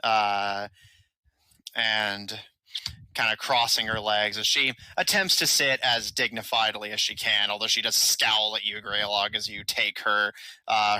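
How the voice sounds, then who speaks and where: A male game master narrates a tabletop game, pausing often on fillers. His voice is low, very bright and crisply clear. The sound is dry and close. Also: no echo, low-quality recording. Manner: hesitant, filler-heavy narration.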